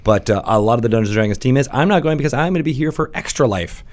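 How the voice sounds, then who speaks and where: A young man hosting a podcast in casual studio chat, rambling with lots of fillers and quick laughs. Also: mid-range voice, expressive, a crowd in the background. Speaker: podcast host.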